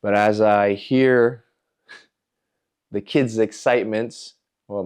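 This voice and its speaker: Low-voiced man telling a candid story. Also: darkish tone. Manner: candid and introspective, speaks in short halting phrases. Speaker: podcast host. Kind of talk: reflective personal storytelling.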